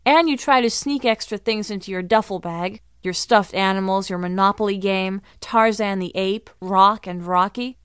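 A woman's voice: mid-range voice, moderate pace, hardly any pauses, fairly bright tone, clear, resonant tone, no room sound, studio quality, close to an everyday voice. A woman voicing a young girl who mimics a stern grown-up and scolds herself in a mock-stern lecturing tone.

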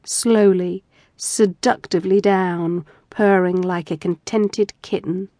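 A woman narrating erotic fiction with a measured, intimate reading on a close studio mic. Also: fairly low pitch, fairly even intonation, warm tone, no echo. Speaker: audiobook narrator.

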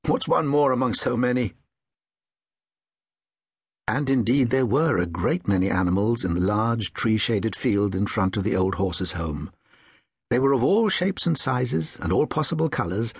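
A man narrating a children's audiobook with expressive, lively storytelling. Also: mid-range voice, gravelly, slightly rough, no echo, studio quality.

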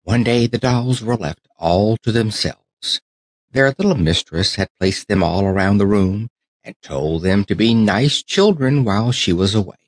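A man narrating a children's storybook audiobook with an expressive, animated reading. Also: on the low side, unhurried, dry recording.

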